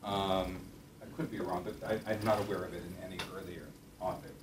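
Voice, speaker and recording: Low-pitched and level in tone, this middle-aged man speaks a little fast while giving a music lecture. He's a professor in a piano classroom, thoughtful but full of fillers and self-corrections, recorded from a distance in a roomy space with slight hiss or hum.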